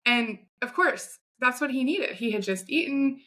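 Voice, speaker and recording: A woman in her thirties with a bright, forceful voice. She talks in an animated, chatty way, like a guest sharing her own story on a podcast. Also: high voice, unhurried. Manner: chatty, animated retelling with quoted asides. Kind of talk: conversational storytelling.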